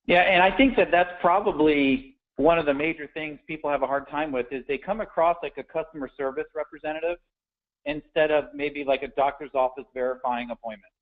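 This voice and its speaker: A man's voice: fairly high pitch, brisk. A man coaching sales agents on phone scripts in a conversational, direct way, often restarting his words. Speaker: sales trainer. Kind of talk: instructional talk on phone scripts. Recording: tinny phone-like audio.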